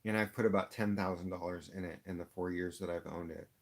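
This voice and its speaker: A rideshare driver ranting on a live stream, frustrated and upset, with halting restarts and lots of fillers. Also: male voice, sits low, steady tone, vocal fry. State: upset, near tears.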